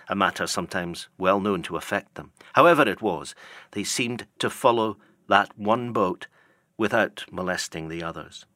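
Male narrator, lowish bright voice, measured delivery, dry studio sound. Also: dry recording. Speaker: audiobook narrator. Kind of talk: scripted narration.

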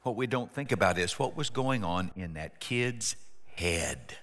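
A man's voice: lowish voice, a little slow. A man preaching a sermon in a church, telling the story with jokes and playful asides. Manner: animated, joking storyteller. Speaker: pastor. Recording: long hall reverb.

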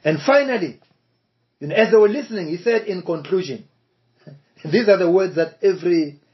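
A man preaching a sermon, slow and emphatic, repeating key phrases for weight. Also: high voice. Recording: dull lo-fi recording.

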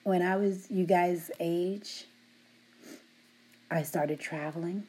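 A middle-aged woman who supervises a work team, giving them affectionate shout-outs and teasing them while laughing often. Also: on the low side, steady tone, takes it slowly, breathy edge.

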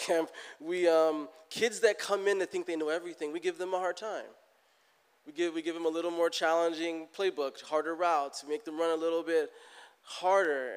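A middle-aged man delivers a sermon in a church. His voice is smooth and resonant, a little higher than most men's, and it climbs and grows loud as he plays out what people pray. A long reverb from the hall trails every phrase. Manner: animated, rises loud for emphasis, acts out prayers. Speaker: pastor.

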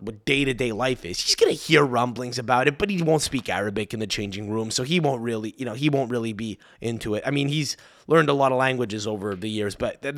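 A man's voice: medium pitch, a bit bright. Rambling, swearing male podcast host. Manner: rambling, profane, many restarts and asides. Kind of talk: casual solo podcast monologue.

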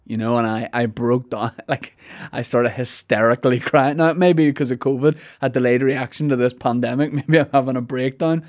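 A man's voice: mid-range voice, normal speed, darkish tone. A man hosting his podcast from a studio, telling a comic story in a rambling, self-mocking way. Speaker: podcast host. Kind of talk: casual comic monologue.

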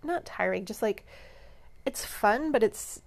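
A woman's voice: fairly high pitch, lively intonation, a little slow, creaky. Easygoing woman co-hosting a chat podcast. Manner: chatty, easygoing, trails off with "anyway". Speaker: podcast co-host. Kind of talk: casual travel chat.

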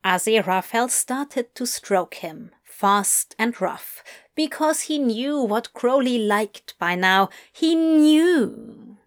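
Woman reading fanfic aloud, soft and hushed, bit high, really slow. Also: expressive. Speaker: narrator. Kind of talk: scripted narration of fan fiction.

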